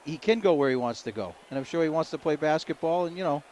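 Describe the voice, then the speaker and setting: A man giving folksy color commentary on a local high school basketball game, rambling and repeating words, with faint noise behind him. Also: lively intonation, fast talker, a little mellow.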